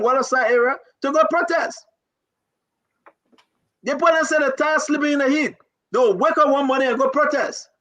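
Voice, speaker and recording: A man's voice: extremely high pitch, brisk, sharp tone, low-quality recording. A man with a Liberian English accent, hosting a live talk show and pleading his case with passion and repetition.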